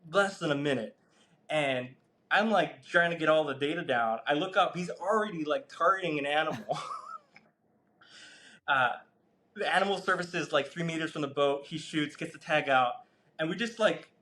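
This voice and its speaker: A man telling a story as a podcast guest, animated, swearing and laughing as he goes. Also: on the high side. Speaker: guest researcher. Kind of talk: casual storytelling in a podcast interview.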